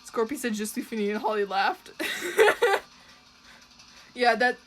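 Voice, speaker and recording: Over faint background music, a young woman from Canada draws on a home stream and reads chat, talking in a loose, sweary, meandering way. Her slightly high, a bit bright voice is sing-song and slow, broken by frequent laughs and trailing ums.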